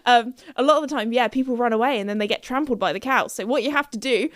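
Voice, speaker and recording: A young woman hosting her own podcast, chatting casually and bubbly, often giggling and squealing with excitement. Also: fairly high pitch, fast, dry recording, clean studio sound. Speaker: podcast host.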